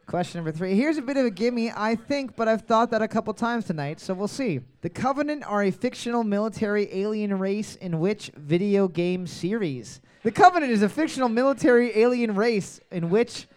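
A man's voice: high-pitched, expressive, a little fast, hardly any pauses, a little mellow. A man hosting a trivia night podcast, reading each question twice and joking crudely between rounds. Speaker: trivia host.

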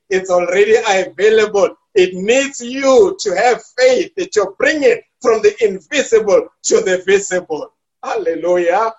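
A man preaching a sermon with fervent, emphatic delivery, stretching out key phrases for weight. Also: high-pitched. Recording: dull lo-fi sound.

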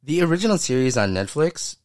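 On a casual pop-culture podcast, a male co-host chats enthusiastically, rambling and laughing often. His voice is a little high and sing-song, fairly quick, in a dry recording with clean studio sound.

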